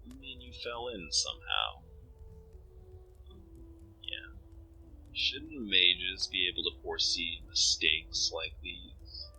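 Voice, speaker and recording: A man's voice: deep voice, huge pitch swings, slow, pauses often, sharp tone, faint music behind, heavily acted, low-quality recording. A man voicing a cold, suspicious young woman in a visual novel, questioning formally and icily. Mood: cold, probing. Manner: probing, formal, icy.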